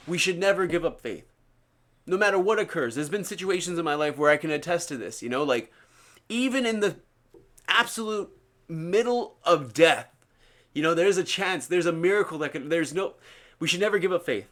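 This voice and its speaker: A man's voice: a little high, expressive, fairly quick, a bit bright. Earnest, preachy male streamer. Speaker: live streamer. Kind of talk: casual live-stream reading talk.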